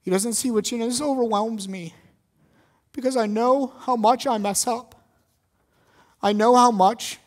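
A man preaching a sermon as pastor, emphatic, swinging between loud stress and quiet intensity. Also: very high voice, a little slow.

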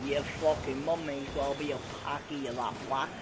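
A man's voice: medium pitch, steady tone, moderate pace, heavy background noise. A young man giving crude, profane gameplay commentary. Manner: crude, profane trash talk. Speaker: gamer.

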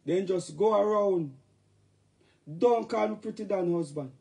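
A middle-aged Jamaican man rants and jokes in patois on a casual livestream. His voice sits high and carries a gravelly rasp. He talks in a loose, animated way. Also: a little slow.

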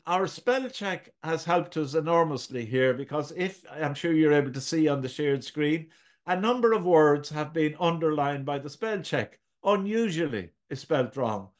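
A man leads a writing lesson over a shared screen. His voice sits a little high, and he speaks gently, pausing and restarting his phrases. He is heard through a computer mic. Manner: hesitant, self-correcting, gentle. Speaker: writing tutor.

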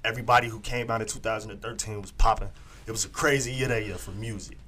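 Young man, laid-back slang, bright tone, low-ish voice. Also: steady tone, fast talker, slight background noise. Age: 20s. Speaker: guest rapper and label owner. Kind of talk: casual radio interview chat.

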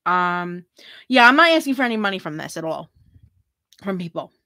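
A woman's voice: lowish voice, big pitch swings, moderate pace, pushed and bright, no room sound, studio quality. A middle-aged woman hosting a free tarot reading livestream, chatting casually, giggling often and reading viewer comments aloud.

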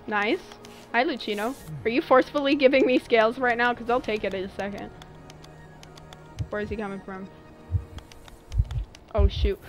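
A woman's voice: fairly high pitch, moderate pace, long pauses, soft background music. A young woman streaming a game live, chatting playfully with her viewers while she plays. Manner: playful, chatty, talks to chat. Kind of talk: live gameplay commentary.

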